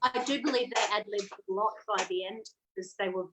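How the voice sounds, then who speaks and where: A woman co-hosting a podcast in casual chat, enthusiastic, acting out lines in a higher voice. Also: quick pace, noisy background. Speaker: podcast co-host.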